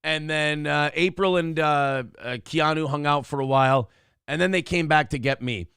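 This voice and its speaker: A man co-hosting a morning radio show tells a rowdy story in loose, profane chat and acts out every quote. His voice sits a bit high for a man. The studio sound is dry and close. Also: normal speed, creaky, a bit bright, smooth, no room sound. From Minnesota.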